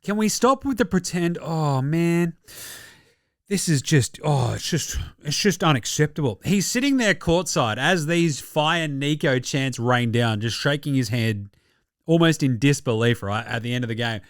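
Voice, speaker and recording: Australian male host, lively pitch, dry close sound, sweary comic sports chat. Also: normal speed, dry recording. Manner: profane, jokey, animated rants. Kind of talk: casual sports commentary.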